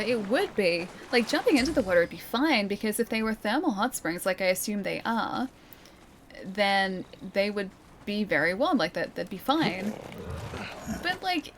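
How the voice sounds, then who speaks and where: A woman's voice: medium pitch, a little hiss or hum. A young woman streaming a game, chatting casually and giggling as she thinks aloud. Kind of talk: casual gameplay commentary.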